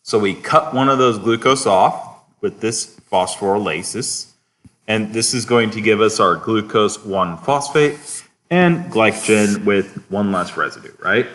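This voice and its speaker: Low-voiced man lecturing a class. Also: a little slow. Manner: relaxed, checks in often with students; chuckles at his own asides. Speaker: biochemistry lecturer.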